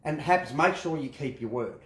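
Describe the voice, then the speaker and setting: A man's voice: medium pitch, animated, a little fast, echoey room, slight background noise. A man, giving a casual instructional talk on handling conflict, rambling and repeating words as he acts out exchanges. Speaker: self-defense instructor.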